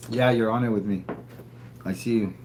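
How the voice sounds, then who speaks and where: A man's voice: fairly low pitch, steady tone, moderate pace, a little mellow, poor audio. Man, casual livestream chat, rambling, laid-back, says "eh", faint background noise. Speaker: livestream co-host.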